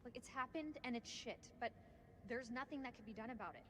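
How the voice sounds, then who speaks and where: Blunt, impatient woman survivor; game audio with long reverb and clear noise. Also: a little high, expressive, a little fast, a bit bright. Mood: terse.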